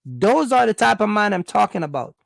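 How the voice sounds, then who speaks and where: Casting: blunt vlogger, high gravelly voice, mocking and scolding. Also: male voice, sing-song, brisk, no room sound. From Jamaica. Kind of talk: opinionated monologue.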